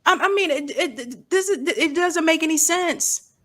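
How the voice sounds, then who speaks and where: A woman joining a political roundtable as a guest, speaking clearly like a news anchor with an indignant edge. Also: extremely high pitch, normal speed, a bit bright. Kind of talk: casual political chat.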